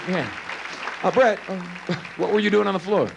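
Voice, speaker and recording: A man's voice: high-pitched, normal speed, vocal fry, music in the background, crowd noise. A man working as a stage hypnotist, giving playful commands to volunteers in front of a live theater audience. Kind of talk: live stage show patter.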